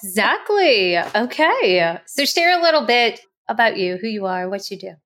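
A woman hosting a casual interview, enthusiastic and emphatic, often acting out quick quoted asides. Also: fairly high pitch, big pitch swings, a bit bright. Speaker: host.

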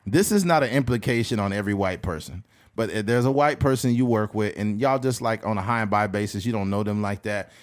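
A man hosting a podcast, chatting casually and telling stories, often mimicking other people in a higher voice. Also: fairly quick. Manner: animated storyteller who mimics other people in high voices. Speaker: podcast host. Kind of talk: casual chat.

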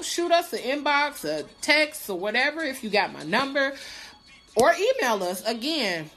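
A woman's voice: medium pitch, fairly bright tone. A woman hosting her podcast on a live stream, chatting casually and playfully, cursing and laughing as she talks. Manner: chatty, playful, swears freely, laughs often. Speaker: podcast host.

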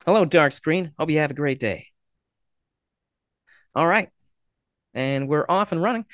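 A man's voice: high voice, a bit bright, dry recording, studio quality. Chatty man telling jokes. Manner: chatty joke telling with fillers. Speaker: podcast host. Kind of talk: casual video chat with strangers.

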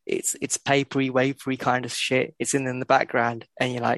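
Man with a gravelly voice, blunt and sweary co-host, dry close mic. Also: mid-range voice, flat delivery, fairly quick, hardly any pauses, fairly bright tone, no echo. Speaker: podcast co-host. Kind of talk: casual football chat.

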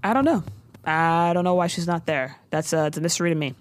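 A woman co-hosting a casual chat who recaps a show in a lively, profane way and acts out the quotes. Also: lowish voice, fast talker. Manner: animated, profane storytelling with acted-out quotes. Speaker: podcast co-host recapping a TV show.

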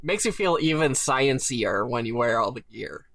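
A man chiming in with quick jokes and reactions in casual chat. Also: medium pitch, expressive, creaky, a bit bright, dry recording, studio quality. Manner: wisecracking, quick jokey interjections.

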